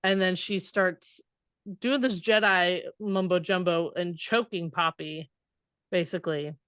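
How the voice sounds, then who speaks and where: A woman's voice: on the low side, steady tone, a little slow, a bit bright, clear, resonant tone, dry recording, clean studio sound. A woman co-hosting a casual book podcast, recapping chapters, reading passages aloud and swearing casually. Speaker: podcast co-host.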